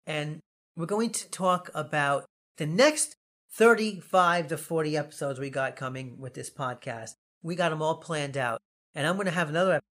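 A man's voice: a little high, a bit bright. A male podcast host with a New York accent chats casually with his co-host. He is joking and teasing, and he laughs easily. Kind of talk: casual chat.

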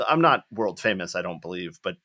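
A man's voice: low voice, a little fast, no echo, clean studio sound. A man co-hosting a podcast, telling stories in casual chat, laughing often and restarting his sentences. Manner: animated storyteller, laughs often, many restarts. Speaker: podcast co-host.

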